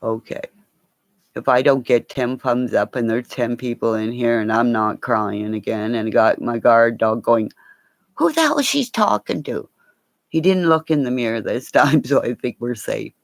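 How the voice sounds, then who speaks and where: A woman's voice: a bass voice, fairly even intonation, moderate pace, no echo. A woman rambling and swearing in a casual livestream chat with her viewers, laughing often.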